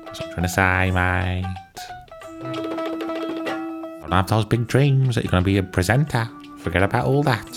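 Brief: man, radio host, slangy storyteller, fairly low voice, music playing behind. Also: wildly swooping pitch, unhurried, long pauses. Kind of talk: comic radio monologue.

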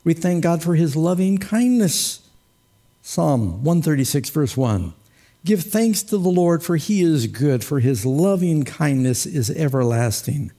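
A man's voice: fairly high pitch, expressive, measured pace, mellow. A man preaching a sermon as pastor, folksy and humorous, with light laughs and quoted asides.

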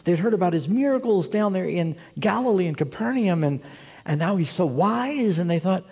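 Gravelly guy preaching, warm husky voice, goes up and down a lot. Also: sits high, normal speed. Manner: animated storytelling preacher, voices the crowd. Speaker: pastor. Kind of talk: sermon.

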